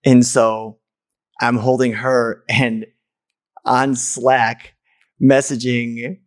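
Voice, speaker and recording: A man's voice: mid-range voice, little pitch movement, drawn-out words, dry recording, clean studio sound. A man from the United States, a podcast host, telling a personal story in a candid, blunt way with casual swearing.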